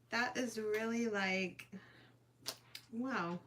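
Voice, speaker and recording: A middle-aged woman hosts a crochet livestream in a casual, chatty way. Her voice is bright and forward. She thanks her viewers by name, warm-hearted and close to tears. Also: mid-range voice, unhurried, a little hiss or hum. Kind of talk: casual live-stream chat.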